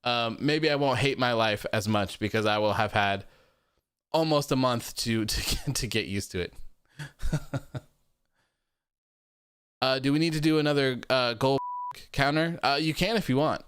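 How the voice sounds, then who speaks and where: A man with a smooth, clear voice at a middle pitch hosts a relaxed show, reading out viewer comments. He repeats himself and laughs often, and his voice sounds dry and close. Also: moderate pace, no room sound. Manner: loose, repetitive, laughs often. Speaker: podcast host.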